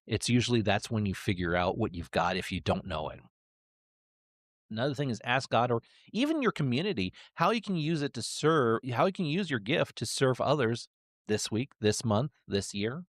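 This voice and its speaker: A man's voice: mid-range voice, no echo. A man giving an earnest devotional talk to a stream audience, often restarting and repeating his words. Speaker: church stream host. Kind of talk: devotional teaching with gaming terms.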